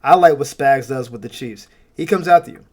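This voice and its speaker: Animated man giving sports opinions. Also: mid-range voice, a little fast. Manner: animated, opinionated, frequent laughs and fillers. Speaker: sports fan channel host. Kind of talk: casual sports opinion commentary.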